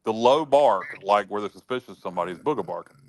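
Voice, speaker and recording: A man hosting a sports talk show, telling folksy sayings with many halting restarts. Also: fairly low pitch, animated, a little mellow, no room sound. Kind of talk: casual chat.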